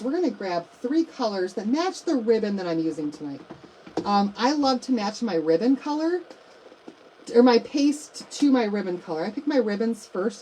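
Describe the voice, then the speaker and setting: Working through a craft livestream, this middle-aged host keeps up a chatty patter, addressing her audience as "y'all" and "you guys." Her voice is mid-range and dark, captured in a low-quality recording with a little hiss or hum.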